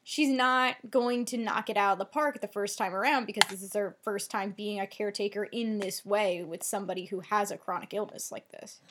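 A woman's voice: mid-range voice, a little fast, few pauses, a little hiss or hum. A woman co-hosting a podcast, casually recapping a TV episode and acting out quotes. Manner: animated, laughs easily, acts out quotes. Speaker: podcast co-host.

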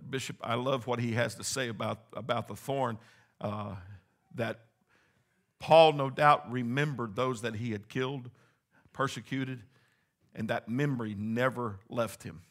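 Bright-voiced preacher man. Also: vocal fry. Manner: swings between quiet, low asides and loud, rising exclamations. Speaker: pastor. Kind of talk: sermon. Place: church.

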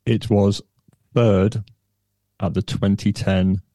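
A man's voice: fairly low pitch, little pitch movement, slow pace, dark tone, dry recording. A man co-hosting a podcast and running a quiz, with dry humour and hesitant restarts. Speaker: podcast co-host, quizmaster. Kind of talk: casual chat, running a quiz.

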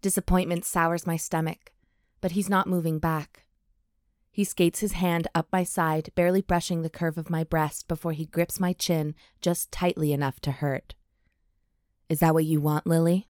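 A woman's voice: deep voice, fairly even intonation, darkish tone, no room sound, studio quality. A woman co-hosting a podcast, chatting casually and reading a steamy romance novel aloud, lingering on the hot lines. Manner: reads steamy passages slowly with breathy emphasis, laughs often. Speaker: podcast co-host.

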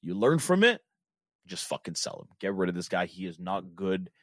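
A man co-hosting a casual football chat, talking in a rapid, profane and emphatic way. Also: deep voice, big pitch swings, a bit bright, no room sound. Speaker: podcast co-host.

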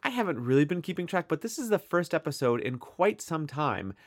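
A man's voice: a little high, fairly quick, dry recording, clean studio sound. An American man co-hosting a podcast in casual chat, joking and cutting himself off. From United States. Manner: animated, self-interrupting, joking. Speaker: podcast co-host.

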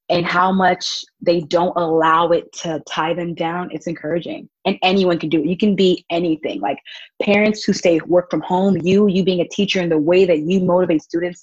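A young woman tells lively stories in a casual interview, acting out every quote. Her voice is husky and a little low. The recording is dry and slightly dull. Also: normal speed, dry recording. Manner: animated, acts out quotes with laughs. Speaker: guest, volunteer child advocate.

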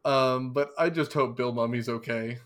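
A man's voice: mid-range voice, steady tone, normal speed, fairly bright tone. A man co-hosting a podcast in casual chat, rambling and joking with digressions. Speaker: podcast co-host.

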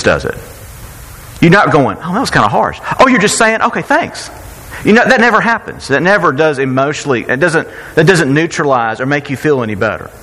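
A man's voice: fairly high pitch, sharp tone, long reverb tail, rough recording. A man giving a sermon as pastor, conversational and joking, often restarting his phrases. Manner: conversational, self-correcting, playful asides.

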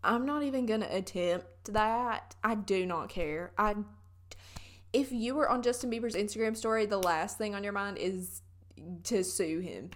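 A woman's voice: mid-range voice, moderate pace. A young woman with a Southern US accent, chatting casually in a vlog and telling stories with lots of fillers.

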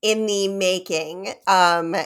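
A woman's voice: mid-range voice, fairly even intonation, takes it slowly, a bit bright, smooth. A woman hosting an interview podcast, talking casually and playfully with many fillers. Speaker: podcast host.

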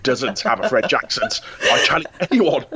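A man's voice: mid-range voice, lively intonation, normal speed, pushed and bright, husky. A man co-hosting a casual film chat, wry and dry-humoured, tripping over his starts. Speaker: podcast co-host. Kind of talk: casual chat about films.

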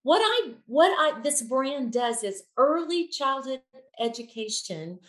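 A woman who leads children's ministry music tells stories as an interview guest, her high voice moving at a slow pace. She's animated, acting out the lines she quotes with shifting voices. The room sounds echoey.

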